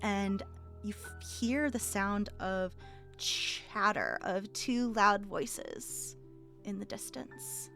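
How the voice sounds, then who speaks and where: A woman game master describing scenes in a tabletop role-playing game in a relaxed, descriptive way with many fillers. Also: mid-range voice, extremely slow, faint music behind.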